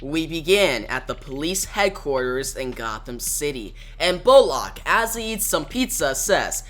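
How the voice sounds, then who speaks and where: A man's voice: a little high, sing-song, a little slow, few pauses, a bit bright. A man casually recapping a comic book, retelling it with enthusiasm and sound effects.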